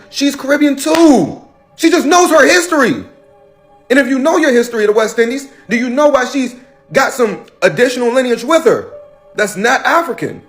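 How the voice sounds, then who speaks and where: A man's voice: extremely high pitch, lively intonation, moderate pace, soft background music. A man from the United States delivering a heated social media rant, preachy and repetitive, firing off rhetorical questions.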